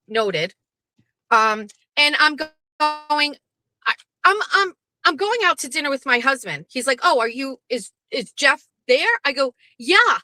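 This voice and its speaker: A woman's voice: high voice, bright, forceful tone, no room sound, low-quality recording. A middle-aged woman hosting her own show, venting bluntly and profanely in a rambling monologue from her parked car. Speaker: host.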